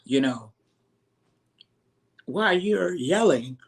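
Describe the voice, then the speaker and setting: A commentator ranting about a reality show, heated and sarcastic, dropping from low mutters to sudden high exclaims. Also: animated, slow pace, gravelly, breathy edge. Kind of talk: profane commentary rant.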